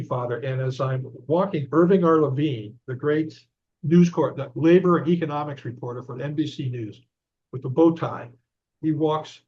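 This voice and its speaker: A man's voice: mid-range voice, darkish tone, slightly rough. A man recounting a long personal story as a guest in an interview, rambling with frequent restarts. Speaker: guest author and investigator. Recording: dull lo-fi audio.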